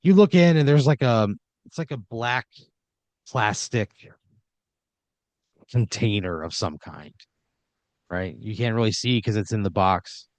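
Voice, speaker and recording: A man's voice: fairly low pitch, animated, a little slow, pauses often, no room sound. A man narrating an improvised horror comedy scene in a loose, rambling way, full of fillers and restarts. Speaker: storyteller running the scene.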